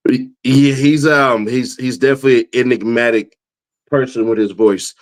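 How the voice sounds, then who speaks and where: A man's voice: mid-range voice, fairly even intonation, normal speed. A man hosting a casual interview, asking teasing questions with stammering restarts. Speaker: show host.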